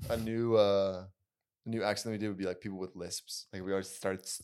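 A young man co-hosting a podcast, dropping deadpan quips in casual banter. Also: sits low, fast talker, clean tone. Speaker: podcast co-host.

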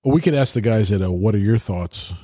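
A man's voice: on the low side, fairly quick, dark tone, dry recording. A middle-aged man co-hosting a podcast in casual chat with dry, wry asides, recorded in a home garage. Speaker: podcast co-host.

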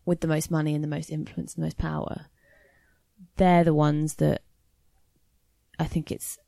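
A woman chatting on a podcast, thoughtful and soft-spoken with a dry sense of humour. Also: low-pitched, level tone, normal speed, vocal fry, dry recording. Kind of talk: casual chat.

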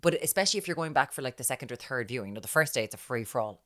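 An Irish woman co-hosting a chatty podcast, telling stories animatedly and acting out other people's words, often dropping to a hushed voice. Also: very deep voice, rapid-fire. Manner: animated storyteller who acts out quotes, often dropping to a hushed voice. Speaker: podcast co-host. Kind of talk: casual chat, storytelling.

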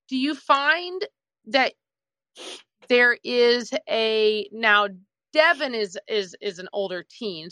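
A woman co-hosts a podcast and interviews a guest in a relaxed way. Her voice sits a little high, and the recording is dry and close. She often rephrases a question midway. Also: dry recording, low-quality recording. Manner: conversational, rephrases questions as she asks them. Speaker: podcast co-host.

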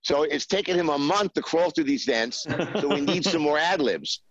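A man's voice: a little high, lively intonation, crowd noise. Rambling man telling a story, muffled. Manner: rambling, halting with many fillers, acts out quoted voices. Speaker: screenwriter guest. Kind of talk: anecdotal interview storytelling.

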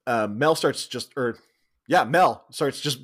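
A man's voice: mid-range voice, slow pace, fairly bright tone. A man co-hosting a podcast, casually retelling a comedy film's plot and acting out characters' lines. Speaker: podcast co-host. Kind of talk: casual comedic movie recap.

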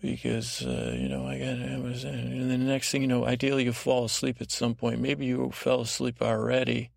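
Drowsy rambling man with a gravelly voice. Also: medium pitch, dry recording, studio quality. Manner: rambling, drowsy, lulling, with halting restarts. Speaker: podcast host. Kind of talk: meandering bedtime monologue.

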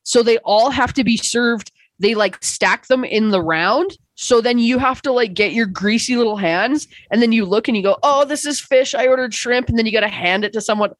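A woman's voice: on the high side, normal speed, hardly any pauses, no room sound, low-quality recording. A woman comedian in a casual podcast chat, telling stories with swearing and acted-out exchanges. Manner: animated storytelling, swearing, acting out exchanges. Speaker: comedian guest.

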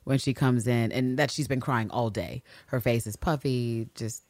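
A woman co-hosting a casual recap podcast, animated, acting out characters in exaggerated voices and swearing freely. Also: very deep voice, normal speed, dry recording. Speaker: podcast co-host.

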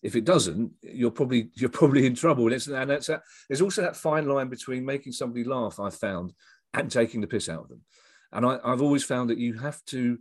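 A man's voice: medium pitch, husky, dry recording. A middle-aged man, a comedian and writer telling rambling stories in a casual interview, full of restarts and asides. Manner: rambling, with frequent restarts and self-deprecating asides. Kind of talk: casual storytelling chat.

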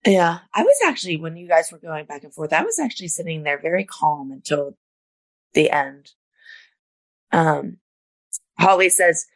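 A woman's voice: low-pitched, big pitch swings, normal speed, pauses often. A middle-aged woman co-hosting a podcast, recapping episodes step by step in a casual chat with frequent "you know" fillers. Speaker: podcast co-host.

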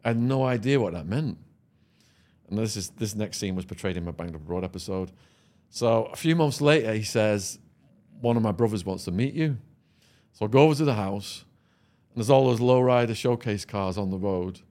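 A man's voice: on the low side, brisk, a little mellow. An Englishman on a podcast, telling a vivid, profane story and laughing as he goes. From England. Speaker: podcast guest. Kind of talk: storytelling anecdote.

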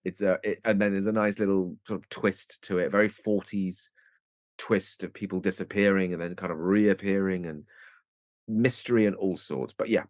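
A man, a guest actor on a podcast, chatting casually and telling a lively story, slipping into comic voices. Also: low voice, normal speed, dry recording, clean studio sound.

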